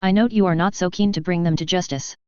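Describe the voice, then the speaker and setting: An angry noblewoman with an icy, cutting tongue from a storybook reading, voiced by a woman. Her voice is low and very clear, in a dry, dull lo-fi recording. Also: steady tone, quick pace, a little mellow, no room sound, lightly acted.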